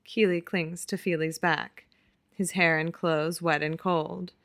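Slow, creaky-voiced woman reading a story. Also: on the low side, little pitch movement, fairly bright tone. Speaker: co-reader of a fanfiction audiobook. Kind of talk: audiobook story narration.

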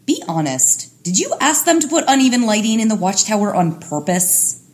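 A woman's voice: mid-range voice, sing-song, moderate pace, a little mellow, natural voice. A woman voicing a bubbly, teasing young woman magician in a fan audio drama, chirpy and playful.

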